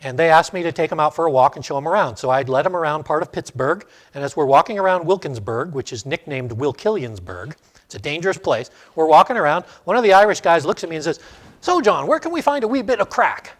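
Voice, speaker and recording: A man's voice: a little high, animated, quick pace. A middle-aged man teaching a Sunday school class, asking the class questions and telling stories. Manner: storytelling, asks the class questions.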